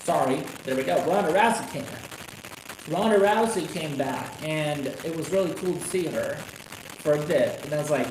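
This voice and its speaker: A man ranting on a casual live stream about wrestling, swearing constantly and rambling with sudden excited outbursts. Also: fairly high pitch, moderate pace. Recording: echoey room with noisy background.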